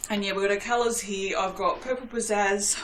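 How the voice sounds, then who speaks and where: A woman's voice: medium pitch, fairly even intonation, a little fast, fairly bright tone, echoey room, slight background noise, low-quality recording. A woman hosting a casual soap-making vlog, chatty and rambling, poking fun at herself and swearing now and then. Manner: rambling, self-deprecating, swears lightly. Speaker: soap-making channel host. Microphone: webcam.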